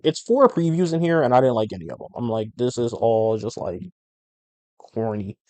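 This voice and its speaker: A man hosting a podcast, chatting casually and profanely in slangy, animated rants. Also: mid-range voice, no room sound. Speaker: podcast host. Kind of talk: casual comic book review podcast.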